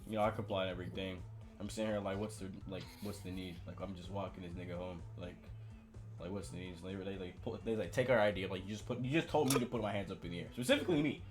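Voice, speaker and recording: A man's voice: low-pitched, fast, soft background music. A man co-hosting a podcast, telling a long story in casual chat, with lots of slang and retold dialogue. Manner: storytelling, animated retelling with slang. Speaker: podcast co-host.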